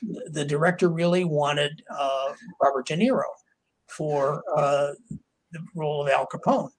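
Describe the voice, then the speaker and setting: Husky older man telling showbiz stories. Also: a little high, a little slow, poor audio. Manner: rambling, with many fillers and acted quotes of others. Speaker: author and interview guest. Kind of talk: anecdotal storytelling in a podcast interview.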